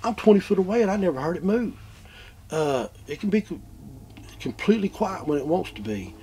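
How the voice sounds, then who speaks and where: Animated man retelling an encounter. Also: high voice, brisk, a little hiss or hum. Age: adult, a father. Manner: animated, repeats himself, swings from loud to hushed. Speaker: eyewitness interviewee. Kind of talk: emotional first-person retelling.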